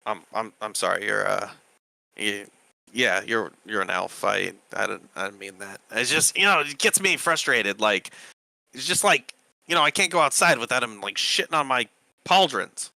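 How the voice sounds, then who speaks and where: Man doing a tired, grumbly dragonborn woman keeping a temple, bright-toned, casual rambling, dry close mic. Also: fairly low pitch, animated, normal speed, vocal fry, no echo, exaggerated voice, rough recording. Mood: grumbling. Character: weary female dragonborn temple keeper. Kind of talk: tabletop role-play character voice.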